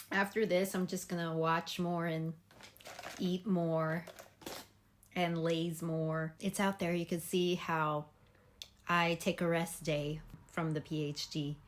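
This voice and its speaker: Young adult woman, student vlogger; relaxed rambling chat between bites, a little low-voiced. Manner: chatty, rambling, snacking while talking. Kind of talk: casual vlog chat.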